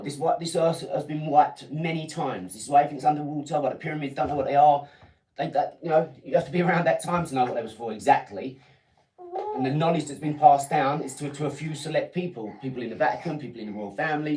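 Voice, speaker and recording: A man's voice: on the high side, quick pace, a little mellow. English man, 40s, combative live-stream lecturer, off-mic in an echoey kitchen. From England. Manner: lecturing, combative, talks down to viewers. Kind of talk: ranting live-stream monologue. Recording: echoey room, mic at a distance.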